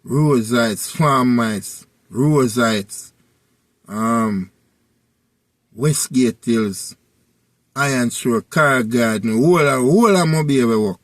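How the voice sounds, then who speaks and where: A man's voice: medium pitch, takes it slowly, dry recording. A man with a Jamaican accent telling a personal story in a casual, rambling way and coming back again and again to the same tag phrases. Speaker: vlogger.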